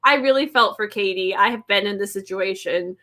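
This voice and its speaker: A woman's voice: mid-range voice, fairly quick, sharp tone. A woman co-hosting a podcast in casual chat, laughing often and gushing with lots of "like.". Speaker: podcast co-host.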